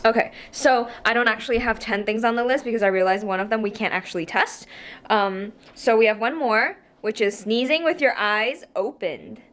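A woman's voice: on the high side, moderate pace, fairly bright tone. A young woman hosting a casual vlog, chatty and often breaking into giggles. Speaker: vlog host. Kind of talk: casual chat.

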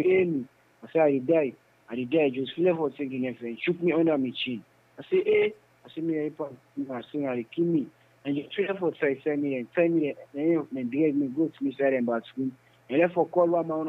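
A man's voice: fairly high pitch, husky. Man with a Sierra Leonean Krio accent on a tinny phone line. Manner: halting, repetitive storytelling. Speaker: interviewee. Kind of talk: phone interview testimony.

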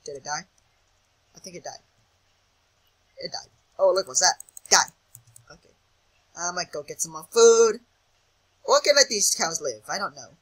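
A man's voice: on the high side, a bit bright, poor audio. A young man giving casual commentary over a video game, jittery and self-mocking, often chanting words over and over in a sing-song. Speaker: gaming channel host.

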